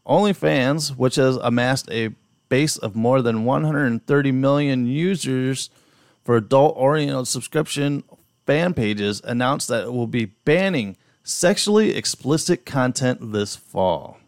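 Gravelly man in crude podcast banter. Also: medium pitch, unhurried, no room sound, clean studio sound. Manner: rambling, filler-heavy, joking. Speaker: podcast co-host.

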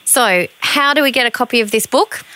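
A woman's voice: fairly high pitch, fairly quick, pushed and bright. A woman hosting a podcast interview, playful and encouraging toward her guest. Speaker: podcast host.

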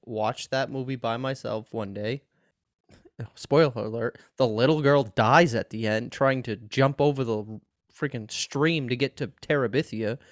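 Animated, profane male podcast co-host. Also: medium pitch, no room sound, clean studio sound. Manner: animated, profane, laughing often. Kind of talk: casual podcast chat.

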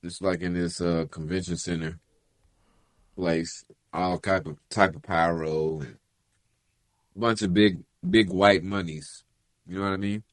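A man, a musician who is a regular on the podcast, talking casually in a relaxed, rambling way. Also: sits low, unhurried, long pauses, dry recording. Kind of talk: casual chat.

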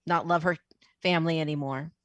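Woman interviewer, lowish voice. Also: fairly even intonation, a little fast, dry recording. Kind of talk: casual interview chat.

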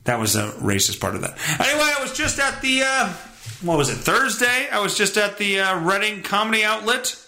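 A man's voice: sits high, very animated, brisk, bright, forceful tone. A young man hosting his own podcast, rambling casually in a profane, self-mocking way. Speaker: podcast host. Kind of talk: casual solo podcast monologue.

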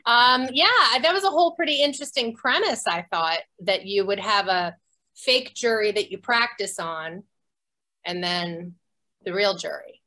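A woman's voice: medium pitch, unhurried, pushed and bright. A woman speaking as an actress guest on a video call, bubbly and gushing, laughing often in casual chat. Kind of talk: lively casual interview chat.

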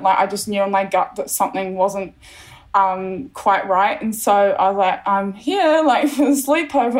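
A bubbly young woman from New Zealand, a podcast guest, chatting casually and laughing often as she tells her story. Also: medium pitch.

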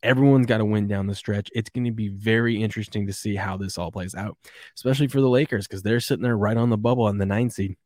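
Low-voiced casual sports host. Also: male voice, fast, a little mellow, no echo, clean studio sound. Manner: rambling, chuckling, reads viewer comments. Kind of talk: casual live sports chat.

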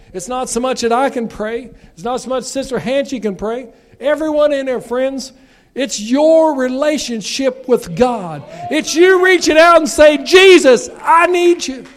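A high-pitched male preacher with a drawl. He reads scripture in a low, soft voice, then climbs into loud, shouted calls for revival. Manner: builds from quiet scripture reading to loud, shouting exhortation. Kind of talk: revival sermon.

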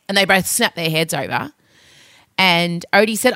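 A woman's voice: medium pitch, moderate pace, sharp tone, no room sound. A woman, co-hosting a chat podcast and telling a story with dramatic, wry humor. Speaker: podcast co-host.

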